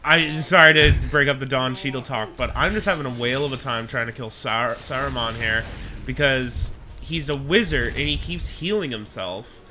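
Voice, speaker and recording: A man co-hosting a casual podcast, talking in a relaxed way while playing a video game. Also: medium pitch, moderate pace. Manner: relaxed, laughs easily, talks while playing.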